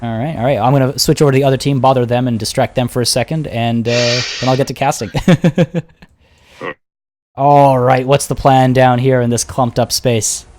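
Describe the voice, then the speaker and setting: A man's voice: medium pitch, fairly even intonation, normal speed, a little mellow, slight background noise. A young man hosting a strategy game livestream, chatting with viewers, reading out their comments and casting the match with frequent laughs. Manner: chatty, reads chat aloud, laughs often. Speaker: livestream host and game caster.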